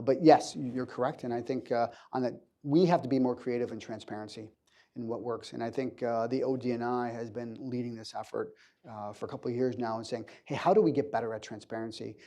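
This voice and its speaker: Measured government official with a dark voice. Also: male voice, mid-range voice, steady tone. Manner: measured, with many fillers and restarts. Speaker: government counterintelligence official on a panel. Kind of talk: panel discussion answers. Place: conference hall.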